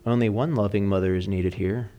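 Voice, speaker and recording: A man's voice: on the low side, steady tone, fairly quick, warm tone, natural voice. A man voicing a jolly old Santa Claus while reading a Christmas poem aloud. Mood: gentle.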